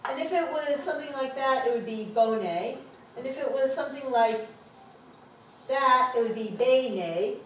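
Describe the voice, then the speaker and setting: Woman teacher, high voice, heard from afar in an echoey classroom, laughing and encouraging. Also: fairly quick, a bit bright. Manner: chatty, laughs often, encouraging. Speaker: Hebrew teacher. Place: synagogue classroom. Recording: echoey room, distant mic, background noise.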